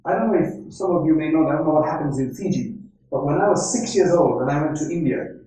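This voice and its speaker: A man lectures on faith, weaving in stories and Arabic quotations and asking "right?" along the way. His voice sits a little high and sounds dark and mellow. He stands well back from the microphone in a strongly reverberant hall. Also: quick pace. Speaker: Islamic scholar lecturing. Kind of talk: religious lecture. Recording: echoey hall, speaker far from mic.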